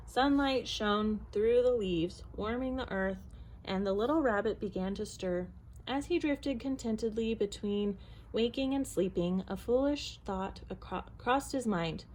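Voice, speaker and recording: Storyteller, woman, reads a picture book aloud with measured expression. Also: mid-range voice, a little mellow, low-quality recording.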